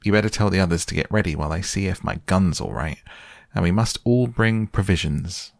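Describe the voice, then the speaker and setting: A man's voice: deep voice, animated, a little fast, creaky, dry recording, studio quality. A man voicing a confident young boy who speaks in a breezy, matter-of-fact way, in a storybook reading.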